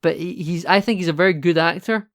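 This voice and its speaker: A man's voice: on the high side, fast talker, dry recording, studio quality. A man co-hosting a podcast, chatting casually about films, explaining and laughing easily. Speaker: podcast co-host. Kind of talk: casual film chat.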